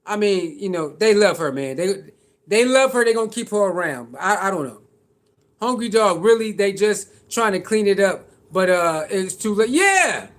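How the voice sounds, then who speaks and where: High-voiced man ranting slangy sports takes. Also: sing-song, normal speed. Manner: heated, slangy ranting with repetition. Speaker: sports commentator. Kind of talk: reaction commentary on a clip.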